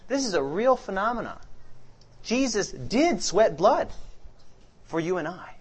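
A man's voice: sits high, big pitch swings, a little slow, breathy edge. A man preaching a sermon, asking the congregation questions, then answering them himself as he reads scripture aloud. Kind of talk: interactive sermon.

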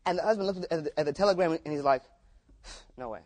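A man's voice: a little high, very fast, a little mellow. A man preaching a sermon through casual, repetitive stories. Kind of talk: storytelling sermon.

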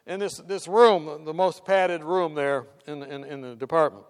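A man's voice: fairly high pitch, a little fast, few pauses, smooth, in a large hall. A man telling a story from his hospital work in a sermon, acting out the voices and dropping to whispers. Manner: animated, acts out voices, drops to whispers.

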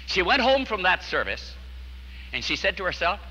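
Male preacher, slightly high, very bright voice, earnest storytelling sermon. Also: very animated, moderate pace, slightly rough, long reverb tail, poor audio. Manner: earnest, storytelling preacher who drops to a hush at key lines.

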